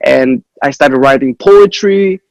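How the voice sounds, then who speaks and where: A man from the area, answering a podcast host in a relaxed, hesitant way. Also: mid-range voice, slow, dry recording, poor audio. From Chicago area. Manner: hesitant, relaxed, with many uh fillers. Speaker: podcast guest, YouTuber. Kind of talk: casual interview answers.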